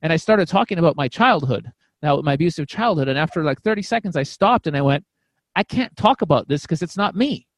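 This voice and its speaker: A comedian guesting on a podcast tells a candid personal story in an animated, fairly quick manner, his voice on the high side. He repeats words, restarts, and swears casually, and the recording has no echo.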